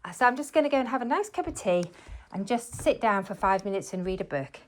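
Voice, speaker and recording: With a mid-range voice, a woman talks fast and animatedly to her viewers as she cleans her living room. The cleaning vlogger keeps chatting casually while she moves around the room at home.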